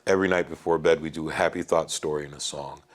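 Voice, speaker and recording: A man telling family stories in a casual chat, animated, acting out his kids' lines and often calling the listener "bro.". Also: extremely low pitch, fast talker. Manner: animated, swears, says "bro" a lot. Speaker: podcast guest. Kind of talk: casual storytelling.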